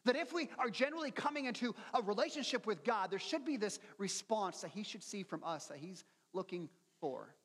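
A man's voice: high voice, expressive, fairly quick, hardly any pauses, fairly bright tone, breathy edge, in a large hall. A middle-aged man preaching a sermon as pastor, conversational and earnest, often repeating words as he starts sentences.

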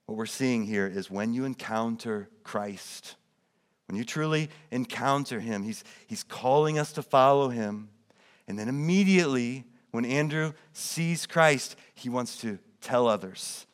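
Man, pastor, sermon, reads scripture aloud, mid-range voice, shifts between swelling emphasis and quiet. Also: unhurried. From United States. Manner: drops soft and low when quoting quiet words.

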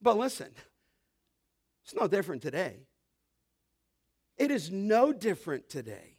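A pastor with a high voice preaches an emphatic expository sermon. He builds his points with repetition and swells in volume as he quotes scripture. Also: very animated, a little slow, slightly rough.

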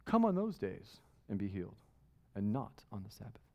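A man's voice: lowish voice, very animated, moderate pace, vocal fry, dull audio, pitched below the performer's own voice. A man putting on a pompous synagogue ruler.

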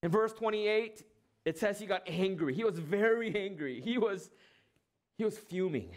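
This pastor preaches with a high-pitched voice, posing questions he doesn't expect answered. He lets pauses land for effect and gives quick performances of the words he quotes.

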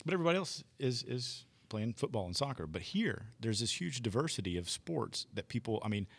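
A man's voice: mid-range voice, sing-song, a little fast, vocal fry, fairly bright tone, husky. A man in casual talk-show chat, rambling thoughtfully with plenty of fillers. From United States.

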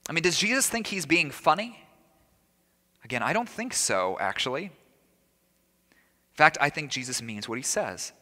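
A man's voice: on the high side, big pitch swings, moderate pace, pauses often, sharp tone. A man preaching a sermon as a pastor, talking in a conversational way, asking rhetorical questions and adding humorous asides. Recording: long reverb of a large hall.

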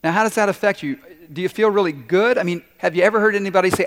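A male pastor delivers a sermon in a reverberant hall, his voice sitting a little high for a man. He tells stories, acts out quotes and puts questions to his congregation. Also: racing, fairly bright tone. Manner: storytelling with acted-out quotes and audience questions.

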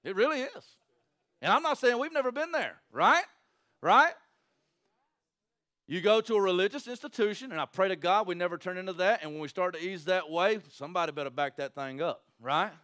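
A man's voice: high-pitched, brisk. A man preaching a sermon to his congregation in a conversational way, often tossing in "right?" to the crowd. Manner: animated, conversational preaching with frequent "right?" asides. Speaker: pastor.

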